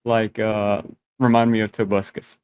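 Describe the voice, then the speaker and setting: A man's voice: on the low side, flat delivery, normal speed, a little mellow, clean tone, no echo. A man co-hosting a casual podcast, rambling with fillers and swearing. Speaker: podcast co-host.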